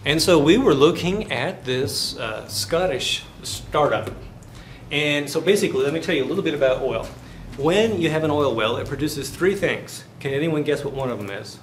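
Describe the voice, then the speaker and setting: A man's voice: a little high, expressive, moderate pace, a little hiss or hum. A man lecturing a finance class in a chatty way, telling stories and throwing questions at the students. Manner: chatty, tells anecdotes, quizzes the class.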